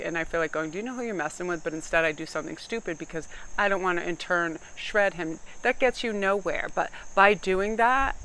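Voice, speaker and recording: A woman's voice: lowish voice, a bit bright, slight background noise, rough recording. A woman giving a chatty tarot reading to camera, joking and laughing often as she talks. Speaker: tarot card reader. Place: outdoors. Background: faint crickets and insects.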